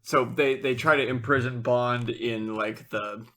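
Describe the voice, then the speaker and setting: A man with a gravelly voice full of vocal fry co-hosts a relaxed film-review podcast. He recaps the plot in a chatty way and gets exasperated whenever his co-host makes a pun. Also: mid-range voice, measured pace. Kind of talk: casual film-review chat.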